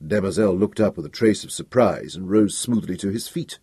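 A man narrating an audiobook with an expressive, dramatic reading. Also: low voice, fairly quick, breathy edge, no room sound, clean studio sound.

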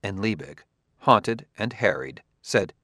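A man giving measured scripted narration of a novel as an audiobook narrator. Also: fairly low pitch, a bit bright, no room sound, clean studio sound.

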